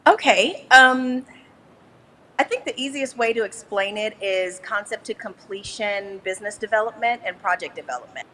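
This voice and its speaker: A woman guest chatting casually in an interview, upbeat and quick to laugh. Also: mid-range voice, animated, fairly bright tone, slight background noise, low-quality recording. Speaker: guest, business developer.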